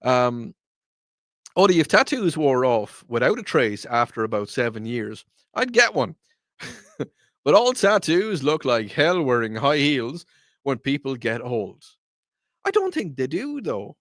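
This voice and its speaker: A man's voice: medium pitch, very animated, measured pace, fairly bright tone, dry recording, clean studio sound. A man, in his thirties, hosting a show and chatting casually in a rambling storytelling way. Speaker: radio show host. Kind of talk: casual chat.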